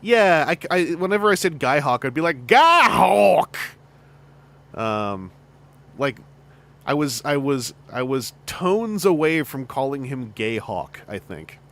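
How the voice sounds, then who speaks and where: Brief: chatty male streamer, around forty, lively up-and-down delivery, laughs a lot. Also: fairly high pitch, moderate pace, hardly any pauses. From Canada. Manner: animated, chatty, laughing often. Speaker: streamer host and fan voice actor. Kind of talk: casual livestream chat.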